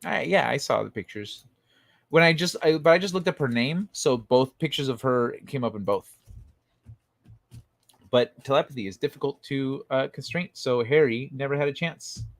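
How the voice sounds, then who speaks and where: A man's voice: medium pitch, moderate pace, gravelly, no echo. Laughing, foul-mouthed streamer man. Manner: laughs often and swears freely; rambling, with frequent fillers and tangents. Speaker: livestream host. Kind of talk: casual live-stream chat, reading chat comments aloud.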